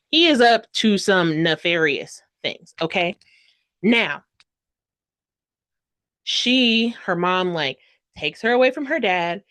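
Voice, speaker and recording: A woman giving a casual book review, gushing and chatty, full of fillers, acting out characters' lines with sudden loud outbursts. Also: on the low side, dry recording. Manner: dramatic quoted voices and sudden loud outbursts.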